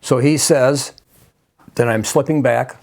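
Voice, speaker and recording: An older man from Wisconsin, a guest telling a personal story in a halting way, full of restarts and asides. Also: medium pitch, fairly even intonation, creaky, darkish tone.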